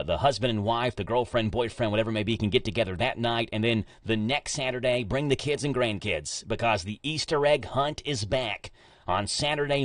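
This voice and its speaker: A man's voice: fairly low pitch, no echo, studio quality, distant mic. A male radio host with a Kentucky accent, chatting in a jokey way and stumbling over fancy words. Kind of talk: casual radio interview.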